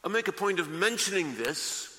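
A pastor preaching a sermon, slow and emphatic, repeating key phrases for weight. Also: male voice, sits high, lively intonation, bright, forceful tone. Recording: long reverb of a large hall.

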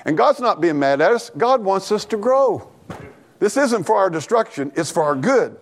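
A man preaching an animated, folksy sermon in church, talking back and forth with the congregation and laughing along. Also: high-pitched, moderate pace. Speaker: pastor.

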